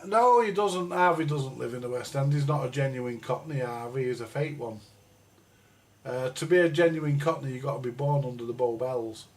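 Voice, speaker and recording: A man's voice: medium pitch, normal speed. A middle-aged man, ranting and rambling bluntly on a live stream, full of swearing. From England. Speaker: livestream host. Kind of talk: casual ranting chat. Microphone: live stream microphone.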